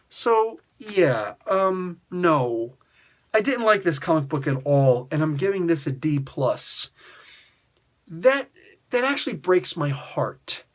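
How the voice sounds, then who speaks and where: Animated man ranting in a review. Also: a little high, slow. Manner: animated, exasperated ranting with mock outbursts; heavy use of filler "like" and "you know". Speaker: comic book reviewer. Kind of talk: casual spoken review.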